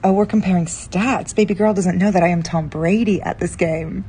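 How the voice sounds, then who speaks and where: A woman's voice: fairly low pitch, steady tone, moderate pace, dark tone, husky. A woman in a played clip, giving blunt, emphatic advice and repeating lines for stress. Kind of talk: casual advice monologue.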